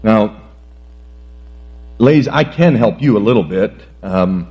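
A man's voice: fairly low pitch, animated, slow pace, a little mellow. A middle-aged man preaching a sermon on marriage in a folksy, joking way, often stumbling and restarting his phrases. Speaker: pastor. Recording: dull lo-fi sound with mains hum.

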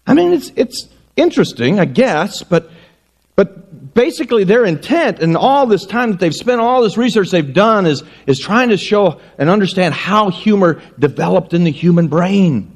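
Animated, higher-voiced male preacher. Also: moderate pace. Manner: animated storytelling with self-mocking jokes. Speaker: pastor. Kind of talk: sermon. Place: church before a congregation.

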